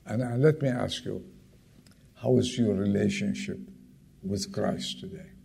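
Slow, gravelly male preacher. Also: on the low side, dark tone, a little hiss or hum. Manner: emphatic, repeats key words for stress; asks the congregation direct questions. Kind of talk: sermon.

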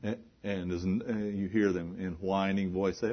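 A man with a very low voice preaches a sermon, pressing his points through repetition and rhetorical questions. The recording is dull and lo-fi, with the top end muffled. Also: steady tone, normal speed.

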